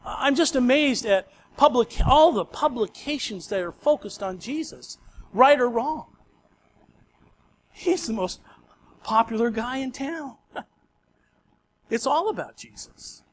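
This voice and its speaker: High-voiced man preaching a sermon. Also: expressive, slow, long pauses, a little hiss or hum. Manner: conversational storytelling preaching. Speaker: pastor.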